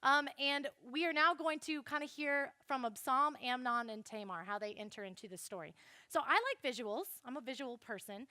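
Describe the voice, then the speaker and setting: A young woman giving a chatty, animated Bible lesson to a youth group and speaking straight to the listeners. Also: high-pitched, normal speed, dry recording, studio quality. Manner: chatty, animated, addresses the audience directly.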